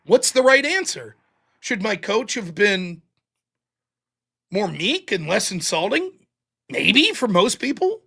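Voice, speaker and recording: A man's voice: high voice, sing-song, slow, vocal fry, pauses often, sharp tone, breathy edge. A man hosting a livestream commentary show, talking bluntly and swearing freely. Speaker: host.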